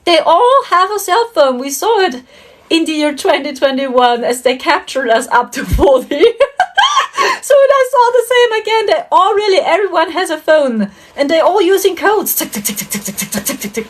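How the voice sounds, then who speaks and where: Giggly high-voiced woman rambling. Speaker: spiritual channel host. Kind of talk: casual monologue about dreams.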